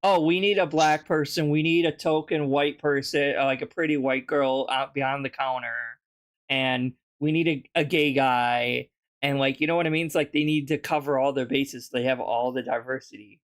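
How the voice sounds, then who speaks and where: A man's voice: mid-range voice, steady tone, moderate pace. A man chatting casually as a podcast guest, rambling, with constant "like" fillers. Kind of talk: casual chat.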